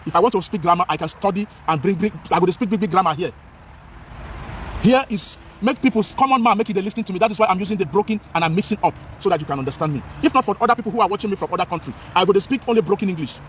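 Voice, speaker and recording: A high, quick-talking Nigerian man vlogs outdoors on a city street, switching between English and Pidgin. He repeats his points with great passion. Faint traffic noise runs underneath his voice. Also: a bit bright. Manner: impassioned, repetitive, mixes Pidgin with English. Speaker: vlogger. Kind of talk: outdoor talking-head vlog.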